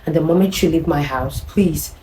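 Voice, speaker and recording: A woman's voice: low voice, normal speed, mellow, a little hiss or hum, close to an everyday voice. A woman playing a sultry, manipulative lover. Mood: cold. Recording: roomy echo.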